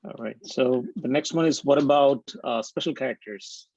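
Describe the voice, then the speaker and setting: A man's voice: mid-range voice, normal speed, creaky, darkish tone, dry recording. A man, moderating a webinar, reading out audience questions with hesitant fillers over a video call. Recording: dull lo-fi call audio.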